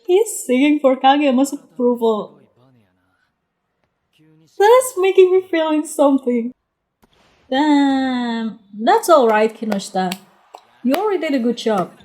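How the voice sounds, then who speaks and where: High, lively-voiced woman reacting excitedly. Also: measured pace, pauses often. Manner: excitable, frequent exclamations and laughter; drops into quiet murmured asides. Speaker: anime reaction vlogger. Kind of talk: live reaction commentary.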